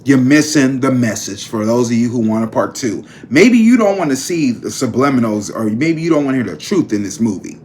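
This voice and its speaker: Man, vlog host, casual chat to camera, emphatic, mid pitch. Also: very animated, a little fast, hardly any pauses, a little mellow, slight background noise. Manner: chatty, emphatic, addresses viewers as a group. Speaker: tarot reader and vlog host.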